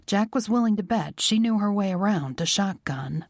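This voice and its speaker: Soft-spoken woman narrating a romance. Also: medium pitch, lively intonation, normal speed, dry recording, studio quality. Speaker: audiobook narrator. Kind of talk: scripted narration.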